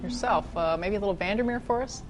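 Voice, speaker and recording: A woman's voice: medium pitch, quick pace, noisy background. A woman hosting a sports show, upbeat, mixing scripted lines with casual chat. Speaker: host.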